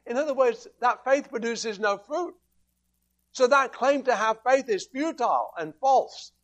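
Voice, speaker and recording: High-voiced man preaching a sermon. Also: animated, unhurried, fairly bright tone. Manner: emphatic, rhetorical questions, quoting scripture.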